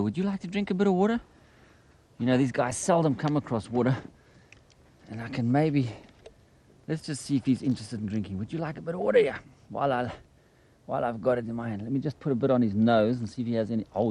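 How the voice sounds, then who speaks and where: A man presenting a wildlife documentary on location outdoors in a desert, chatting lively and coaxing an animal he photographs. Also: medium pitch, husky.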